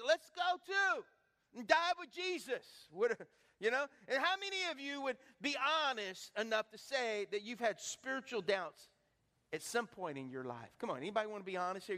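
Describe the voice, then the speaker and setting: A man preaching a sermon as pastor, asking the congregation rhetorical questions in an animated way. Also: extremely high pitch. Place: church hall. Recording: long hall reverb.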